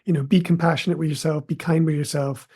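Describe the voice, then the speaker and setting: A man's voice: on the high side, flat delivery, fast, darkish tone, husky. A man speaking as a podcast guest, earnest and reflective, offering encouragement. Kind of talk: conversational interview.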